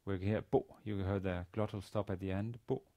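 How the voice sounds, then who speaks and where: A man lecturing on a language lesson, speaking haltingly with many fillers and restarts. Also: low voice, flat delivery, warm tone. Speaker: university lecturer.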